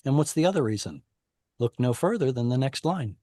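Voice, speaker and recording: A man's voice: medium pitch, expressive, fairly quick, warm tone, no echo. A man teaching an online Hebrew class, explaining informally with many fillers and restarts over a video call.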